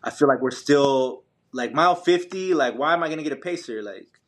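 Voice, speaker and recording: A man's voice: fairly high pitch, animated, fairly quick, fairly bright tone. A young adult man, a podcast guest, telling a running story in a casual, slangy way full of fillers and restarts. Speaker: podcast guest, ultramarathon runner.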